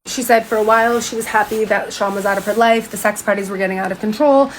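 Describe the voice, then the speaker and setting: A woman talking in a loose, conversational way, peppered with slang and profanity. Her pitch sits in a middle register, with a faint hiss of background noise. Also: fairly even intonation, fast talker, low-quality recording. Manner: slangy, profane, chatty with many "like"s. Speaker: commentary vlogger. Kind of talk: casual retelling and commentary.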